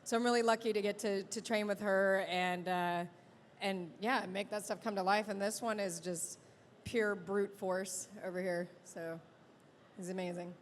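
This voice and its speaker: A female actress chatting as a guest in an interview, lively and joking. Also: mid-range voice, normal speed, a little hiss or hum. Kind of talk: casual interview chat. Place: convention event hall. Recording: reverberant hall with faint crowd ambience.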